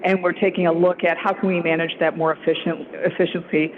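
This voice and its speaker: A woman giving a staff report at a council retreat, halting, with many fillers and restarts. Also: on the low side, little pitch movement, a little hiss or hum. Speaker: city staff presenter. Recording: phone-like, narrow sound.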